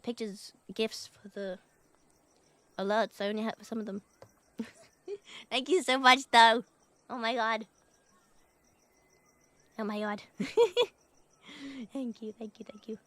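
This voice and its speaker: A woman's voice: fairly high pitch, fairly even intonation, slow pace, pauses often, pushed and bright. Giggly young woman chatting on stream. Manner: chatty, giggly, thanks viewers for donations, swears casually. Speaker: VTuber streamer. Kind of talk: casual chat stream.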